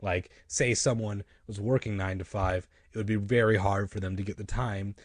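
A man's voice: fairly low pitch, steady tone, normal speed, no echo, studio quality. A man reading a children's book aloud, stumbling and breaking off for rambling joking asides.

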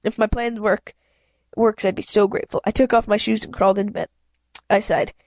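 A woman's voice: medium pitch, steady tone, a little mellow, no room sound. A woman reading a children's novel aloud in first person, often stumbling and correcting herself. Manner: halting, frequent self-corrections. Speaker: reader.

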